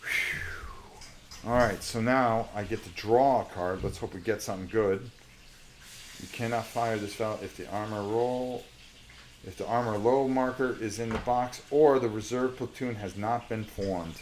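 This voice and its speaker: A man with a sore voice talks slowly through a solo board wargame on a live stream. He mutters to himself as he checks the rules, with a faint hum of noise behind him. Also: on the low side. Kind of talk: casual live-stream gameplay commentary.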